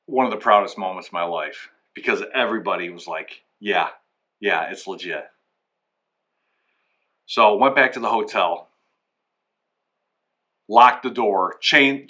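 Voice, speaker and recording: A man's voice: on the low side, sharp tone. A man telling a rambling comedic story, acting out both sides of each conversation. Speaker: comic storyteller. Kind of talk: comedic anecdote monologue.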